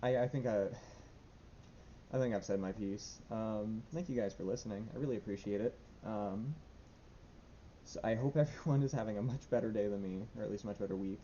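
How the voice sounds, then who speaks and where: Anxious young man, rambling diary vlog, mellow lowish voice, lo-fi recording with faint rumble. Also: a little fast. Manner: rambling, nervous, lots of fillers and restarts. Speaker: vlogger.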